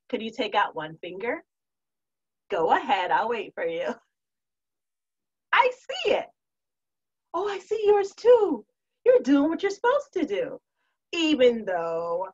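Lady teaching little kids online, sing-songy and encouraging, talks slow, kinda dull audio. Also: mid-range voice. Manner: sing-song, encouraging, laughs often. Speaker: preschool teacher. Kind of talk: remote preschool lesson.

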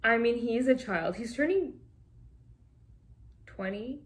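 A woman's voice: on the high side, animated, unhurried. Chatty giggly young woman from Canada. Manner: chatty and giggly, often laughing. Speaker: vlogger. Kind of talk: casual fan commentary reading tweets.

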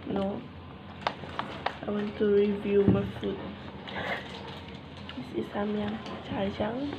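A woman's voice: medium pitch, fairly even intonation, slow, muffled recording. Blunt teasing woman. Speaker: vlogger's sister. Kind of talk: casual vlog chat. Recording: loud background noise.

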